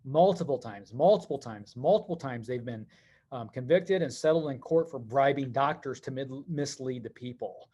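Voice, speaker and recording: A middle-aged man telling stories as a podcast guest, animated and quick, with many fillers. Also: mid-range voice. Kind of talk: conversational podcast interview.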